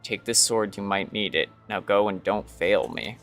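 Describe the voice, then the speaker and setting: Brief: a commanding ghost witch read flat by a man, low and plain, no character voice. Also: moderate pace, soft background music. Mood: demanding.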